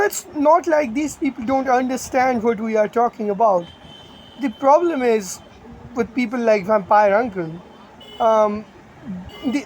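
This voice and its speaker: A man's voice: high-pitched, darkish tone, slight background noise, low-quality recording. A man giving blunt, rambling online commentary, crude and opinionated.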